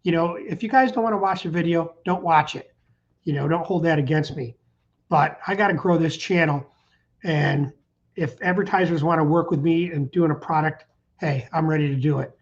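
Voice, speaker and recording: A man's voice: fairly high pitch, moderate pace, muffled recording. Upbeat rambling man hosting a live stream. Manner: rambling, upbeat, reads out viewer comments. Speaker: channel host. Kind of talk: casual livestream chat.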